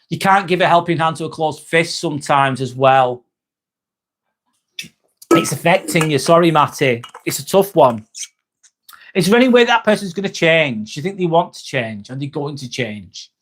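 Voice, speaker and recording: A man's voice: a little high, fairly bright tone. A man hosting a live stream, reading viewer comments and giving earnest advice, often repeating himself. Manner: earnest, repeats himself, calls people mate. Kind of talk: casual live-stream chat.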